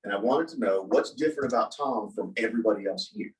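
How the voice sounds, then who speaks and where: A man telling a personal story in a casual talk, animated and acting out the voices of the people he quotes. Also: on the low side, quick pace. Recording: voice from a distance from the mic.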